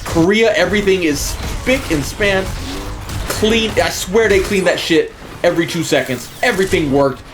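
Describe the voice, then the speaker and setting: Male streamer, slightly high voice, casual profane storyteller. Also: moderate pace, music in the background. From United States. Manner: profane, animated, chuckling. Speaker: gaming streamer.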